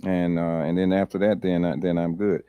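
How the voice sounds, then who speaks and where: A man's voice: low-pitched, level tone, a little fast, smooth, no echo, phone-quality sound. A man pastor leading a Bible study, talking conversationally, repeating words and laughing easily.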